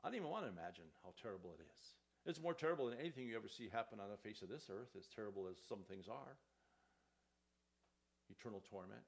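A man's voice: medium pitch, vocal fry. A man preaching a sermon as pastor, reading scripture aloud with rising emphasis.

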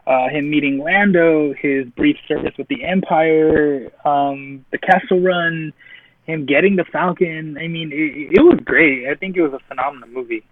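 A man co-hosting a casual movie podcast, enthusiastic, listing things with pauses. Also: fairly high pitch, no echo. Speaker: podcast co-host. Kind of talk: casual chat. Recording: tinny phone-like line.

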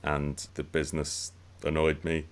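A man's voice: very deep voice, monotone, unhurried, slight background noise. A man in a casual podcast chat, giving dry, blunt criticism. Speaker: podcast panelist.

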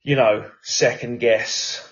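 A man's voice: medium pitch, steady tone, takes it slowly. A man co-hosting a live podcast, casual and agreeable, hesitating with plenty of fillers. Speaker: podcast co-host. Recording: dull lo-fi sound.

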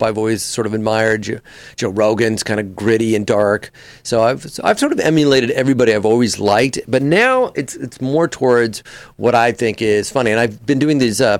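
Comedian and voice actor, male, lively storyteller who jumps into character voices, close dry mic. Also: mid-range voice, no echo. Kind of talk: casual interview chat.

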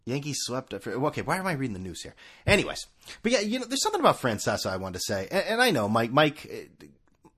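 A man's voice: medium pitch, huge pitch swings, quick pace, fairly bright tone, slightly rough. A man hosting a sports podcast, ranting sarcastically and swearing. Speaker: podcast host.

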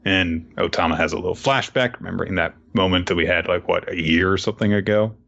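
A man co-hosting a podcast, recapping comics in animated storytelling with frequent laughs. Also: low voice, fast talker, gravelly, lo-fi sound. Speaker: podcast co-host. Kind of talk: casual chat recapping a comic.

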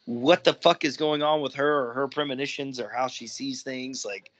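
A man's voice: medium pitch, normal speed, heavy background noise. A man in casual movie review chat, blunt and crude, joking as he talks.

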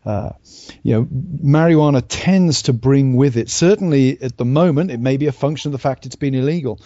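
A man co-hosts a podcast discussion with a dark, mellow voice and a measured, wry delivery. The audio is dull and lo-fi, recorded in a dry, dead space. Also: medium pitch, no echo. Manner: dry, self-deprecating, measured. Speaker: co-host.

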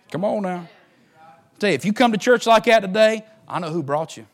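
A man preaching a fervent sermon, swinging between hushed lines and loud ones. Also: sits high, animated, fairly quick. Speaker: pastor.

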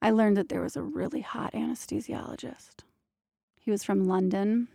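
A woman working as a doula, telling stories from her work in a lively, candid, casual monologue that slips in the odd mild swear. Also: mid-range voice, normal speed, gravelly, no room sound, studio quality. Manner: animated, candid, playful, drops mild swears. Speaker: doula and prenatal yoga teacher.

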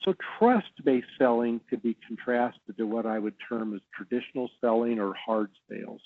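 A man who trains salespeople, talking as a podcast guest and explaining in a measured way with easy laughs. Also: mid-range voice. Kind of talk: podcast interview. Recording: tinny phone-like line.

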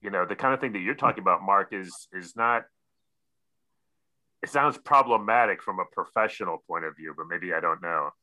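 A man hosting a casual interview chat, halting and repeating words as he thinks aloud. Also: sits low, sharp tone, poor audio. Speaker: podcast host.

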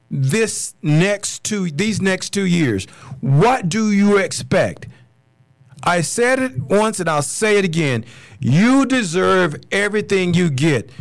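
A fired-up American man with a fairly high voice rants on his podcast, blunt and cursing, hammering the same words over and over. The sound is dry and close, with no room around it. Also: dry recording. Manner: angry, blunt, swearing, repeats himself. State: furious. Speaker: podcast host. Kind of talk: solo political podcast rant.

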